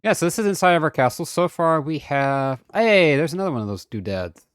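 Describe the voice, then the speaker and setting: A man chatting casually and playfully on a game stream, excitable and fond of silly sing-song bits. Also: on the high side, a little fast, clean tone, dry recording, clean studio sound.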